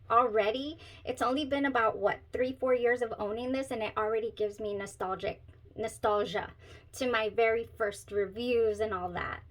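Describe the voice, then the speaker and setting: A woman's voice: a little high, poor audio. Chatty, giggly woman reviewing perfumes. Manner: chatty, giggly, trails off into searching asides. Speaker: perfume reviewer, channel host. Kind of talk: casual review vlog.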